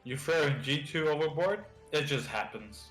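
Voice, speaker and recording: A man running a tabletop game as dungeon master, narrating actions and prompting players in a relaxed way. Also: on the high side, moderate pace, faint music behind. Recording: echoey room.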